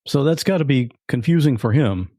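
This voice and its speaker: A man's voice: mid-range voice, animated, brisk, mellow, dry recording, clean studio sound. A man hosting a podcast, asking curious follow-up questions. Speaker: podcast host. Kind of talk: interview questions.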